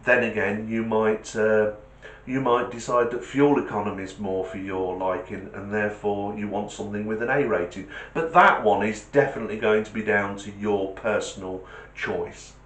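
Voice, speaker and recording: Low-voiced man chatting in an echoey room. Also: fairly even intonation, normal speed, a bit bright. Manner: chatty, joking, rambling asides. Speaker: host. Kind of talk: casual explainer monologue.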